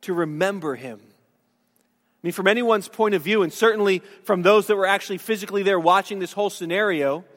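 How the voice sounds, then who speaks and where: A man with a high-set voice preaches to his church, earnest and conversational, often restarting his phrases. The sound carries a long reverb from the sanctuary around him. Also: fairly quick, fairly bright tone. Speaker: pastor. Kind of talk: sermon.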